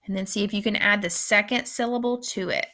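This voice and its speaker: A woman teacher giving a recorded phonics lesson, speaking slowly and clearly and repeating each word for young learners. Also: medium pitch, steady tone, sharp tone. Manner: slow, clear instructional pacing with repeated words.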